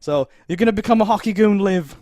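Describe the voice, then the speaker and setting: A man co-hosting a casual TV review chat, talking in an animated way and often slipping into mocking voices. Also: sits high, fast talker, dry recording, clean studio sound. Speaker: podcast co-host reviewing a TV episode.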